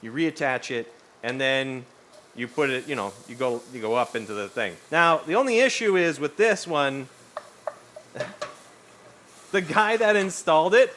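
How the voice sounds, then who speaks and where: A man's voice: on the high side, measured pace, long pauses, slight background noise. A young man livestreaming in casual chat, rambling and cursing freely as he talks to his viewers. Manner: rambling, animated, swears freely.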